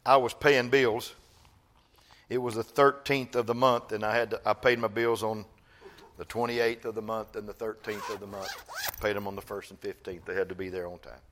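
An older man, a grandfather, preaching a sermon as pastor, swinging from loud exhortation to soft, slow storytelling. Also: lowish voice.

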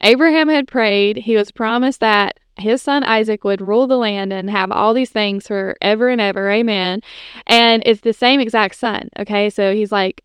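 A woman's voice: mid-range voice, normal speed, clear, resonant tone, dry recording, studio quality. Chatty woman sharing a faith story. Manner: casual, chatty, frequent "like" and "you know". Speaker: podcast host.

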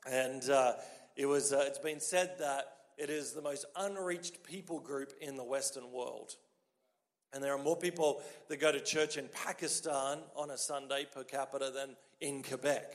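A man with an Australian accent, a pastor preaching a sermon in a lively, joking, conversational way. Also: medium pitch, moderate pace. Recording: long hall reverb.

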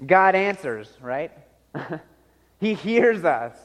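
A man preaching a sermon as a pastor, telling a story with animated acted-out voices and frequent laughs. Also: a little high, drawn-out words, big-room sound.

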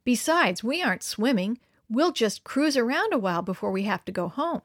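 A woman's voice: a little high, big pitch swings, normal speed, dry recording, studio quality. A woman voicing a mocking boy ringleader. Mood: taunting. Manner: sarcastic, mocking. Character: cocky taunting boy ringleader.

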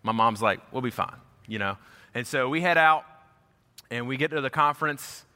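A man gives a storytelling sermon from the pulpit with a bright, forceful voice. He tells the story with lively energy and slips into the voices of the people in it. His words ring out with a long echo through a large hall. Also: medium pitch, normal speed, clear, resonant tone. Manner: animated storyteller acting out quoted voices. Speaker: pastor. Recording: echoey hall.

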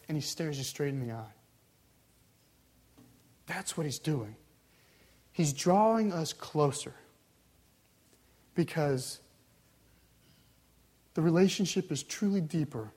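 Man preaching with loud and hushed swings. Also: on the high side, husky. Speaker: pastor. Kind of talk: sermon.

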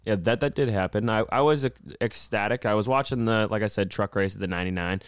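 Male co-host, low voice, dry mic, loose storyteller who laughs a lot. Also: fast, clear, resonant tone, no echo. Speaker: podcast co-host. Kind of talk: casual chat.

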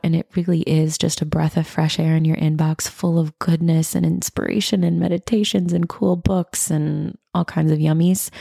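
A woman in her thirties hosting a self-help podcast, talking in an earnest, gushing way and dropping into soft, breathy passages. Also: deep voice, no echo, studio quality. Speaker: podcast host.

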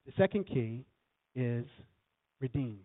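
A man's voice: mid-range voice, animated, takes it slowly, no echo. A man preaching a sermon, quoting scripture and telling a story, with emphatic swells on key lines. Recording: tinny phone-like recording.

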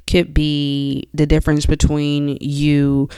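A woman's voice: sits low, completely flat delivery, takes it slowly, dark tone, clear, resonant tone, dry recording. Young woman hosting a self-help podcast, coaching you casual style, lots of "you know", dry room. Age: young adult. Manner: conversational, coaching the listener directly with frequent "you know". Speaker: podcast host. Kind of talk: motivational self-help talk.

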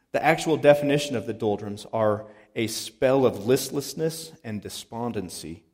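A man's voice: mid-range voice, a little mellow. A male pastor delivers his sermon like a chat with friends, slipping easily into stories from his week. His voice sits in the middle range and rings out with a long reverb from a church sanctuary. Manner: conversational storytelling.

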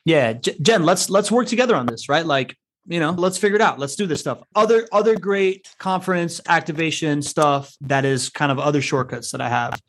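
A man's voice: a little high, a little fast. A man giving conference networking tips in a casual chat, chatty and full of fillers, often checking in with "right?". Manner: chatty, filler-heavy, keeps asking "right?". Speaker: podcast co-host giving networking advice.

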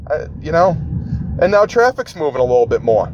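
A man's voice: on the high side, sing-song, brisk. A man ranting and swearing in a grumbling, profane way from his car in traffic. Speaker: ranting segment guest. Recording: muffled with loud car noise.

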